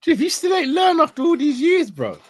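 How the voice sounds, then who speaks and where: A man's voice: extremely high pitch, huge pitch swings, a little fast, no room sound, clean studio sound. A man, teasing his co-hosts in casual football chat. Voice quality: teasing, slangy. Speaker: fan channel co-host.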